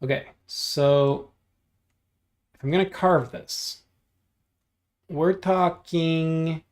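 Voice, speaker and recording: A man hosting a livestream, chatting casually and thinking out loud as he builds 3D models, joking and teasing himself along the way. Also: a little high, very slow. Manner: joking, self-deprecating, thinks out loud while clicking. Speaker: livestream host modeling in 3D software. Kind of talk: casual livestream chat while working.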